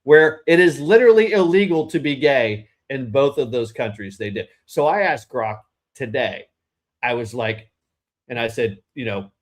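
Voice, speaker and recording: A man's voice: mid-range voice, lively intonation, normal speed. A man co-hosting a political talk podcast, rambling and opinionated, often restarting his sentences mid-thought. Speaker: podcast co-host. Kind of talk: casual political podcast chat.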